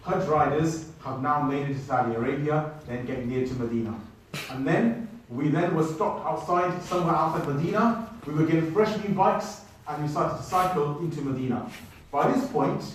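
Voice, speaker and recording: A man telling a travel story to an audience in an animated way, speaking to them directly. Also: fairly high pitch, brisk, slight background noise. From United Kingdom. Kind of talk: storytelling talk. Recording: echoey hall, mic at a distance.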